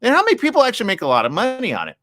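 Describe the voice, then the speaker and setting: A sleep-deprived man hosts a live morning stream, ranting in a blunt, sarcastic way. His voice is bright and forceful and swings widely in pitch. The sound is dry and close. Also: huge pitch swings, very fast, dry recording. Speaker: live morning show host. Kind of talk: casual live-stream commentary.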